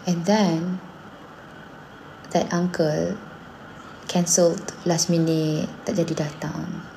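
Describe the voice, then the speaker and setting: A Malaysian woman in her thirties chats casually in a low, warm, mellow voice. She tells lively stories and slips between English and Malay mid-sentence. A faint hiss sits behind her. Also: slow pace, vocal fry. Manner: animated storytelling, acting out her son's lines. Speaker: singer and mother. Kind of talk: casual chat.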